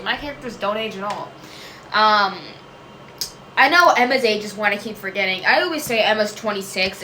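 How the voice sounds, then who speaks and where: A woman's voice: medium pitch, pushed and bright. Rambling woman in an echoey room. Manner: rambling and self-interrupting, many fillers and trailing "I don't know". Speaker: vlogger answering viewer questions. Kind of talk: casual chat. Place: home room. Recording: echoey room with faint noise.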